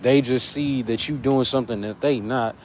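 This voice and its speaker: A man's voice: mid-range voice, fairly even intonation, moderate pace. Casting note: American man, laid-back slangy chatter to live viewers on a walk, faint street traffic behind. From United States. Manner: casual, slangy, talks to chat viewers. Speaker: fitness vlogger. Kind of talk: livestream chat while walking. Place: outdoors on an urban street, walking. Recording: faint traffic noise outside.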